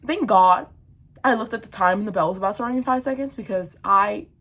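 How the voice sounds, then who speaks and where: A woman's voice: medium pitch, a little fast, fairly bright tone. A teenage girl chatting casually to her viewers, ranting animatedly about books and laughing through a storytime. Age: teens. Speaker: book vlogger.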